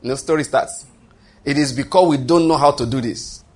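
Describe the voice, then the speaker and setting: A man's voice: mid-range voice, a little fast. A man preaching a sermon, emphatic and repetitive, often restarting his phrases.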